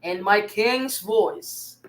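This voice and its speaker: A woman's voice: medium pitch, very slow, poor audio. A young woman, teaching an online reading lesson in an upbeat way, praising students and answering their comments. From Philippines. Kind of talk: livestreamed remedial reading lesson.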